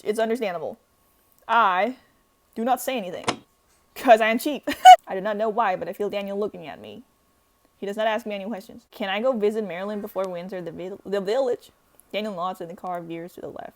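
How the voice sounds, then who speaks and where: Woman reading a visual novel aloud, dramatic outbursts, jokey asides, mid-pitched voice. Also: fairly quick. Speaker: gaming streamer.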